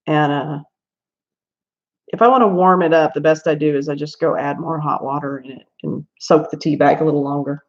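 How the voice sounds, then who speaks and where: A Southern American woman with a deep voice hosts a casual coloring livestream, chatting fairly quickly and telling stories with lots of laughs and asides. The stream audio is lo-fi and slightly dull.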